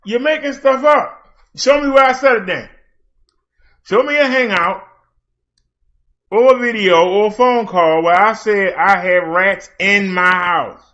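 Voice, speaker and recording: A man's voice: high voice, unhurried, long pauses, pushed and bright, lo-fi sound. A man hosting a late-night livestream, challenging and mocking an absent critic. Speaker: livestream host.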